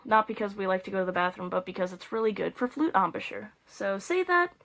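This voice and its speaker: A woman's voice: mid-range voice, fairly even intonation, quick pace, gravelly, a bit bright. A young woman teaching beginner flute, explaining step by step with playful, self-mocking jokes. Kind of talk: casual instructional video.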